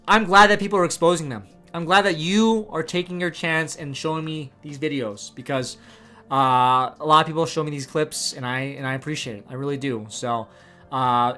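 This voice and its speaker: A man's voice: a little high, pushed and bright. A man in his thirties hosting a channel, giving a heated, profane, exasperated rant. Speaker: YouTube host. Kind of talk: ranting commentary.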